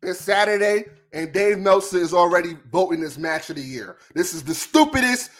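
Man, very high voice, bright tone, shouting rant, exasperated. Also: fairly quick, few pauses. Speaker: podcast co-host. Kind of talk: heated wrestling talk.

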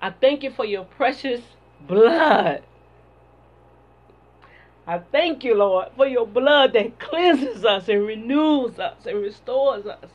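A woman's voice: a little high, lively intonation, takes it slowly. A woman preacher delivering a sermon and prayer in a fervent, repetitive cadence, on a dull lo-fi recording. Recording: dull lo-fi sound.

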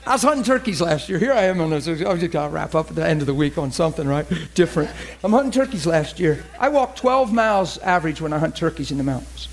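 High-voiced man in his forties preaching. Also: fast talker, few pauses, a little hiss or hum. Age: 40s. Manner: animated, chatty storytelling with quoted dialogue. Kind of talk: sermon storytelling.

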